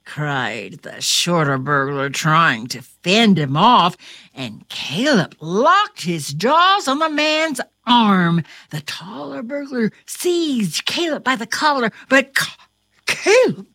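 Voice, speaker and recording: A woman reading a storybook aloud and talking straight to her listeners, with a highly expressive, dramatic delivery. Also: slow pace, no room sound.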